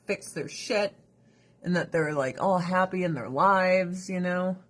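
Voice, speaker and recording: A woman's voice: on the low side, a bit bright. A woman hosting a casual livestream chat and plugging her Avon store, candid and blunt, swearing freely and laughing often. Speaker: livestream host and Avon seller.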